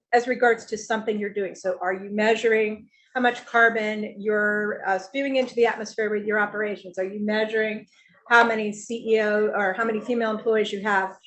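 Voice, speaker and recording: A woman speaking as a family office CEO on a finance panel, explaining in a measured way. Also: medium pitch, fairly bright tone, rough recording. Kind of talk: panel discussion.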